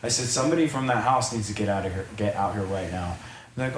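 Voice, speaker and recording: A man's voice: fairly low pitch, fast, a little hiss or hum. Man telling a rambling personal story. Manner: rambling, repeats words and restarts. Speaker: podcast guest. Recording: roomy echo, faint ambience.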